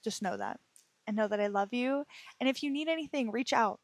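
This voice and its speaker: A woman hosting her own podcast, talking casually and gently reassuring her listeners, tired and emotionally heavy, often stumbling over words and laughing at herself. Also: fairly high pitch, animated, fairly quick, no room sound. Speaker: podcast host. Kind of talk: casual solo podcast talk.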